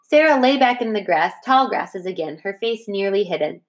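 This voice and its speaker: A woman teacher reading a chapter book aloud to her class, in a steady, plain way that stops to correct its own slips. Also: mid-range voice, moderate pace.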